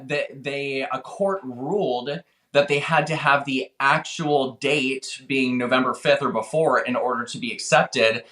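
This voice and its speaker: A man's voice: medium pitch, bright, forceful tone, reverberant. A man answering as a guest on a political show, talking in an earnest, urgent and pleading way. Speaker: guest, voter registration organizer. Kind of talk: interview answers.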